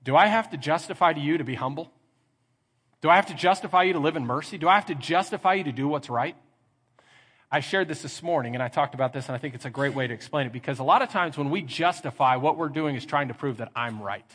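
A middle-aged pastor with a fairly high voice, preaching animatedly and slipping into mock voices to act out everyday scenes. His sermon rings out through a reverberant church hall. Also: lively intonation, brisk, fairly bright tone, husky. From Texas.

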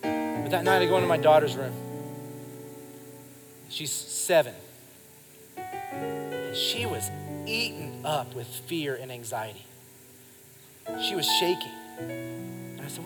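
Before his congregation, a pastor in his thirties preaches at a measured pace in a slightly high, lively voice, pausing often. His emphatic delivery includes calls for the crowd to respond, with music playing in the echoing hall during this live recording.

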